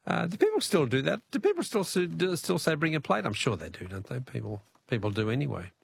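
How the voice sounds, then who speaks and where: A man's voice: fairly high pitch, big pitch swings, fairly quick, vocal fry, husky, no room sound. A man with an Australian accent hosting a radio quiz, chatty and jokey, laughing often. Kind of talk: casual radio talkback.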